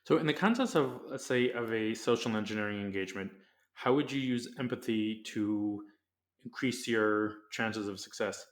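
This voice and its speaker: A man hosting a podcast who asks the guest interview questions in a measured, deliberate way. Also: on the low side. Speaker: podcast host.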